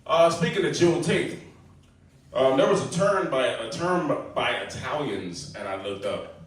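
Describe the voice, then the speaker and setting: A man's voice: mid-range voice, expressive, unhurried. A man doing a loose, crowd-baiting stand-up set at an open mic, often laughing at his own jokes. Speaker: stand-up comic. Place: small comedy club. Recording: echoey room from far off, faint hiss.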